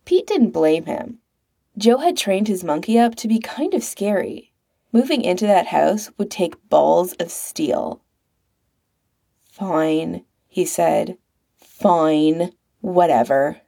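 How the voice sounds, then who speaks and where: A woman reads a story aloud in a wry, expressive way. Her voice is dark and husky with a creaky edge, and it rises and falls freely at a slow pace. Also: mid-range voice. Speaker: narrator. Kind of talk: storybook reading.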